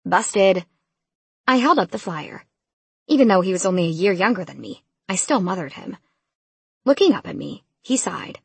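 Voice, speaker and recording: A woman reading a novel aloud in first person, in a brisk, casual way. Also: fairly low pitch, very animated, gravelly, slightly rough, no room sound. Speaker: audiobook narrator.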